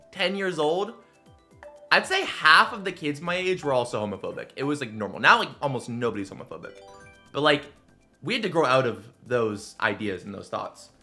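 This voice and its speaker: Bright-voiced young man rambling animatedly. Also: fairly high pitch. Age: 20s. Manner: rambling, filler-heavy, animated. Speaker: streamer. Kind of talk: casual storytelling while gaming.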